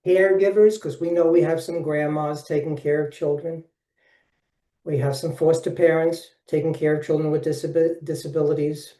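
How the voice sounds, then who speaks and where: A man's voice: fairly high pitch, mellow. Older Brooklyn man presenting from afar. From Brooklyn, New York. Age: 70s. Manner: folksy, upbeat, addresses listeners directly. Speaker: workshop presenter. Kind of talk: webinar presentation. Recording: distant mic in an echoey room.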